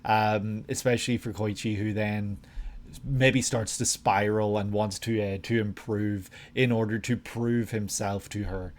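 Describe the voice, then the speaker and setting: A man hosting a reaction video, thinking aloud in casual commentary with frequent hesitations. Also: fairly low pitch.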